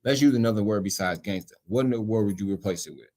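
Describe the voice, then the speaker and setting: A man on a podcast pushing back in a casual debate and asking for clearer words. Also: lowish voice, fast talker, warm tone. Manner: argumentative, pushes back, asks for clarity. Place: live podcast studio.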